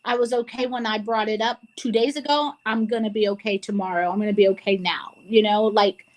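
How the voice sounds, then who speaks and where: A woman's voice: mid-range voice, fairly even intonation, a little fast, rough recording. A woman co-hosting a casual talk show, speaking earnestly and tearfully with many restarts. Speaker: co-host. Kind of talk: emotional casual chat.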